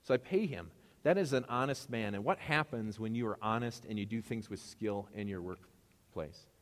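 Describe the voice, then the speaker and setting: A man's voice: lowish voice, normal speed. A man preaching a sermon as a pastor, telling stories in a casual way and acting out the dialogue. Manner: casual storytelling, acts out dialogue. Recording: long hall reverb.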